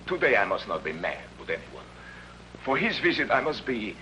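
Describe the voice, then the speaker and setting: An actor playing a gentle, devout shoemaker in an old film, earnest and pleading. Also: male voice, lowish voice, big pitch swings, normal speed, slight background noise. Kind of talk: 1950s film acting.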